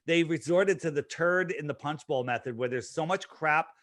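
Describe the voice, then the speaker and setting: A man's voice: a little high, moderate pace, a bit bright, dry recording, studio quality. A man speaking as an interview guest, talking casually and emphatically, with lots of restarts and fillers. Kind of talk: casual promotional talk.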